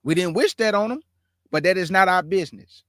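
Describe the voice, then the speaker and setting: Heated high-voiced man preaching. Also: expressive, fairly quick, fairly bright tone, dry recording, studio quality. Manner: heated, emphatic, repetitive. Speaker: host and religious commentator. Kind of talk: impassioned preaching commentary.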